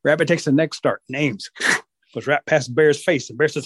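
A man telling a traditional folk tale as a storyteller, animated and drawn out. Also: on the high side, normal speed, husky, no room sound. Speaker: Cherokee storyteller.

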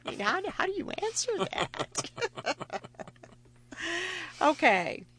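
A woman's voice: sits high, huge pitch swings, slow pace, long pauses, fairly bright tone. A woman moderating a storytelling talk who reacts to each story and invites the next one. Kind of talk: hosting a live storytelling talk.

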